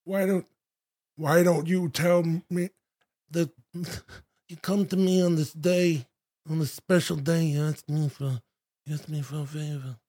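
A man doing an impression of an old mob boss, speaking softly and slowly in a menacing mumble. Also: on the high side, fairly even intonation. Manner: slow, soft, mumbling delivery.

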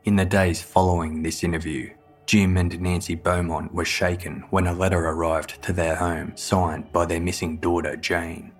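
A man narrating a true-crime story in a measured, grave, scripted manner. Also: deep voice, flat delivery, husky, soft background music.

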